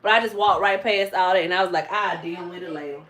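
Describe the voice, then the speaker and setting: A vlogger and mother from Georgia talks quickly in a lowish voice, chatting casually with her live-stream audience. Her Southern speech is relaxed and drawling, recorded on a tripod-mounted phone in an echoey home kitchen with faint noise.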